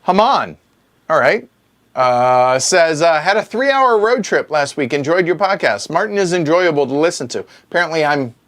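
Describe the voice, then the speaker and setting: A man hosts a livestreamed Q&A at home, reading viewer questions aloud into a mic in front of the camera. His voice sits a little high and swings widely in pitch. He answers with quick, joking asides. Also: expressive, a bit bright. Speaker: board game show host. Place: home streaming room.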